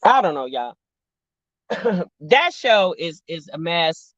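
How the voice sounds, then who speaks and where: Talking slowly in a fairly low voice with big pitch swings, a woman hosts a casual reality-TV reaction stream. She's sassy and chatty, addressing viewers as sis and y'all. The sound is dull, lo-fi and dry, with no room sound.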